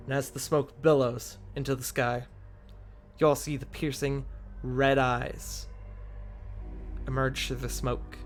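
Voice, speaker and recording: A man's voice: medium pitch, flat delivery, slow pace, long pauses, soft background music. A man narrating a tabletop role-playing game as game master, describing scenes with frequent restarts.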